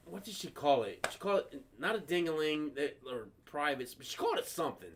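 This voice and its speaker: Male podcast host, high voice, swings up and down, crude anecdotal storyteller. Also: fast talker, few pauses. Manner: profane, animated, acts out other people's voices. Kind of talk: casual storytelling chat.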